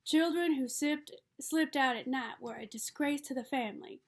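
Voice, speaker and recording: A woman's voice: sits high, normal speed. Woman reading a novel aloud. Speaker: audiobook reader.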